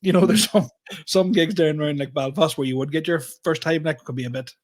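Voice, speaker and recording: A man's voice: on the high side, brisk. A man with a Northern Irish accent and a slight stutter, an easygoing comedian chatting on a podcast. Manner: easygoing, chuckles, says aye a lot. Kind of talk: casual chat.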